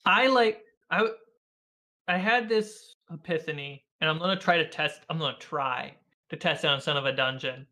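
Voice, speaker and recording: A man speaks as a guest over a video call, in a bright voice that sits a bit high for a man. He tells stories with animation, acting out the lines he quotes and laughing often along the way. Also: moderate pace. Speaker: guest, filmmaker and game master. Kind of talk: casual conversational interview.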